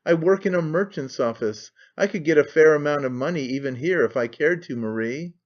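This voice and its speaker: A man's voice: on the high side, expressive, brisk, lightly acted. A man reading aloud who voices an anxious, devoted young man, flustered and pleading, in a dull lo-fi recording. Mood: pleading, alarmed.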